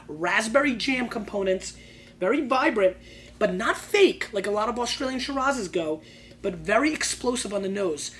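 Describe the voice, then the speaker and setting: A high-voiced man runs a wine tasting show, judging bottles in a raucous, slang-filled style that jumps between whispered asides and shouted outbursts. A little hiss or hum sits under the recording.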